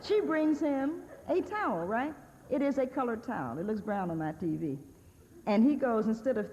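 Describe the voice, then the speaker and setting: A woman's voice: high voice, very animated, normal speed, very noisy. A woman giving a humorous lecture from a podium at a university, wry and sardonic in a conversational way, often breaking into laughter. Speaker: guest speaker at a university. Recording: archival lecture recording with long hall reverb, dull and lo-fi.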